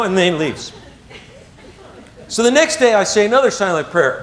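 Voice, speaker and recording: A man tells a personal story to a live audience. His delivery is animated and swings from hushed to excited. His voice sits fairly high and moves across a wide range. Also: normal speed, pauses often. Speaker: motivational speaker.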